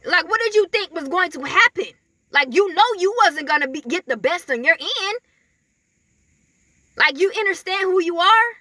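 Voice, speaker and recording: Very high-pitched woman giving spiritual messages. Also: animated, moderate pace, pushed and bright, no room sound. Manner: chatty, filler-heavy, laughing often. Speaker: spiritual messenger.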